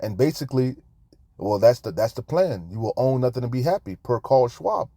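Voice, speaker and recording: Animated and mellow, a mid-range voice with no echo belongs to a street preacher reacting to news. He rants furiously and profanely about debt, breaking off to read scripture aloud, all at a moderate pace.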